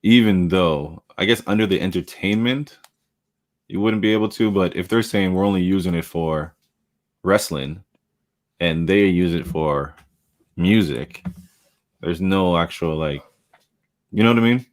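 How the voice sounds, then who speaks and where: A man hosts a podcast in a casual chat, telling animated stories, acting out quotes and laughing often. His voice is low and unhurried, with long pauses.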